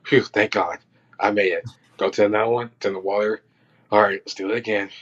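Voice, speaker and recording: Man, low voice, loose animated storyteller; muffled lo-fi recording. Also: brisk. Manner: loose and animated, acting out quotes and reactions. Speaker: podcast guest, film crew electrician. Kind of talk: casual storytelling. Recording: dull lo-fi sound.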